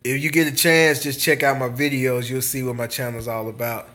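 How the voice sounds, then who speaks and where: A man's voice: mid-range voice, flat delivery, brisk, sharp tone. A man, chatting and joking casually with viewers on his channel, laughing often. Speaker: small business owner and channel host. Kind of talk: casual live-stream chat with viewers.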